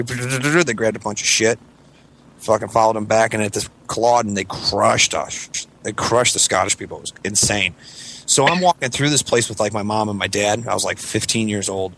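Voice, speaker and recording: A man's voice: lowish voice, fairly quick, fairly bright tone, slight background noise. A man in his thirties telling a story on a casual podcast, rambling and swearing, acting out voices from the story. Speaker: podcast co-host.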